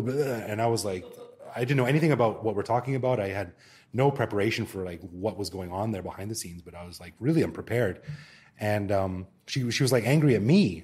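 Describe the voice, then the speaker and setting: A podcast host with a husky, slightly low voice tells a long anecdote in a loose, rambling way. He circles back and restarts often, and his talk stays casual and conversational. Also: brisk, darkish tone. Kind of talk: casual panel chat. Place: Bangkok.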